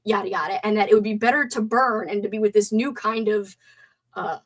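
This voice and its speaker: A young woman hosting a casual live stream movie talk, animated, swearing and gasping as she reads out chat comments. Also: mid-range voice.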